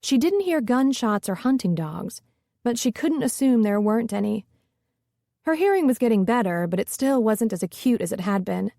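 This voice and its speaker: A woman narrating a romance audiobook with a smooth, steady reading. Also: fairly high pitch, moderate pace, no echo, clean studio sound. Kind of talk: scripted narration.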